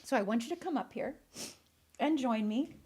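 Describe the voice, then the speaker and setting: A woman in her forties hosts a heartfelt podcast. She speaks earnestly and with emphasis, straight to her listeners. Her voice sits a little high and is recorded on a studio microphone. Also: expressive, moderate pace, darkish tone. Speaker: podcast host. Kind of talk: heartfelt solo podcast monologue.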